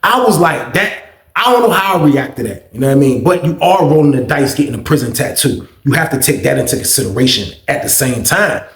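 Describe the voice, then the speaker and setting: A man telling a story in a casual, slangy, animated way, acting out the people he quotes as he goes. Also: medium pitch, brisk, roomy sound. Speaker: storyteller host.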